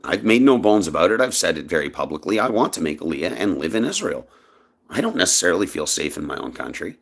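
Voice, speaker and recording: A fast-talking Canadian vlogger with a gravelly voice and a breathy edge delivers a personal monologue full of passion. His speech is emphatic, his pitch swinging in lively ways.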